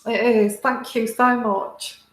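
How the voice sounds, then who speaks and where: A British woman hosting a tarot livestream, talking halting and heartfelt to her viewers, close to tears. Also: a little high, fairly even intonation, roomy sound, rough recording. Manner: halting, many restarts and fillers, heartfelt. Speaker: tarot reader and livestream host. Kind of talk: casual livestream talk to viewers.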